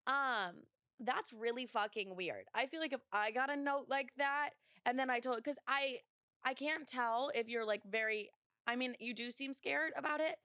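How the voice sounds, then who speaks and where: A young woman hosts a casual advice podcast in a smooth, clear voice. She talks bluntly and swears freely, with many filler words. The sound is close and dry. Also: sits high, normal speed, sharp tone, no echo. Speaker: podcast host.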